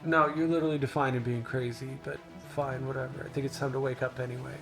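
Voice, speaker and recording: A blunt young soldier in a tabletop game , voiced by a man, eager and quick to swear. His voice is slightly gravelly, with music behind it. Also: mid-range voice, flat delivery, voice pushed up, natural voice. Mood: irritated.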